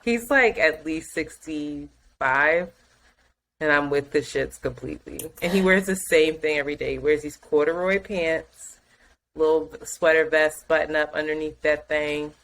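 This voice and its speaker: A woman co-hosting a podcast, telling a story in casual chat, animated and laughing often. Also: low-pitched, unhurried, slight background noise, rough recording. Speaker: podcast co-host.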